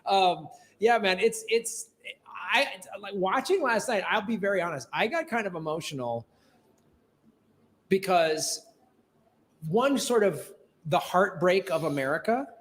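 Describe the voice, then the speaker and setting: A man's voice: sits high, expressive, a little slow, pauses often, a bit bright. Earnest rambling comedian host, man. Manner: earnest, rambling, self-interrupting. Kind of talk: casual chat on a live stream.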